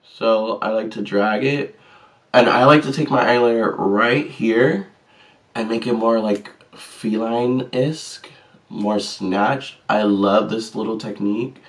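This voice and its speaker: A man's voice: on the low side, slow, far from the mic. A man chatting casually and sassily through a makeup tutorial, joking at his own mistakes. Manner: chatty, sassy and self-deprecating. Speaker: vlogger.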